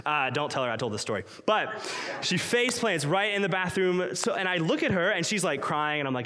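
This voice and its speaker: A male pastor in his thirties preaches with emphatic, conversational energy. His voice sits slightly high for a man. Each line rings out into the long reverb of a church hall. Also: expressive, brisk, bright, forceful tone. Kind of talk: sermon.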